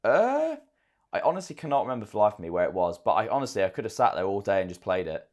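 Casting: low-pitched man, podcast co-host, easygoing and chatty, tells stories with energy. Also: very fast. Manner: chatty, animated storytelling. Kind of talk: casual chat.

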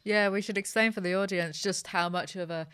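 Female podcast host, crisp smooth voice, casual chat. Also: mid-range voice, steady tone, fairly quick, fairly bright tone. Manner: brief backchannels and laughs.

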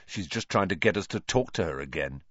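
A blunt, sulky teenage boy, read by a man for an audiobook, with a lively, jumpy delivery. The recording is dry and a bit muffled. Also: deep voice, a little fast, no echo. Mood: resentful. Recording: dull lo-fi.

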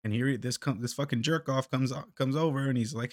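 A man's voice: mid-range voice, fast talker, no echo, clean studio sound. A man telling a story in casual podcast chat, swearing a lot, stammering on repeated words and laughing. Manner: profane, laughing, many restarts and stammers.

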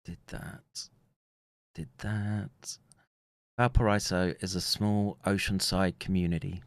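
A man with an English accent rambles through a livestream at a very unhurried pace, pausing to read out viewer comments and chuckling between remarks. His voice sits somewhat low, and it is recorded close and dry with almost no room sound. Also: level tone, no echo. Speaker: livestream host reading chat. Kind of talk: casual livestream chat.

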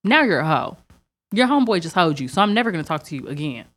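Young woman, casual podcast chat, lively pitch, acts out dialogue. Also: quick pace. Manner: animated, acts out quoted dialogue. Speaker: podcast co-host.

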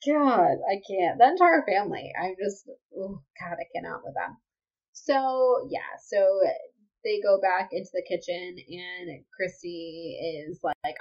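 A woman, co-hosting a casual book-club podcast, gushing and excitable as she recaps chapters. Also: fairly low pitch, measured pace. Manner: excitable, gushing, breaks into laughter. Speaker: podcast co-host. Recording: slightly dull lo-fi audio.

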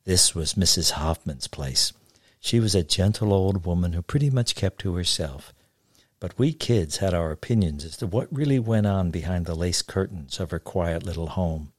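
A man telling a wry story from his childhood in an unhurried way. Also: deep voice, no room sound, clean studio sound. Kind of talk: told memoir story.

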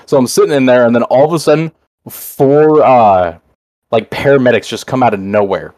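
A man's voice: medium pitch, moderate pace, a little mellow, no echo, studio quality. A young man hosting a podcast, telling a long story in a rambling, casual way, swearing often and using lots of "uh" and "like". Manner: rambling and profane, full of fillers. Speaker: podcast host.

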